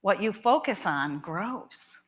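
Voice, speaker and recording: Expressive woman preaching a sermon. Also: medium pitch. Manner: emphatic and expressive, with measured repetition. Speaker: minister. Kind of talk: sermon with storytelling. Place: church sanctuary.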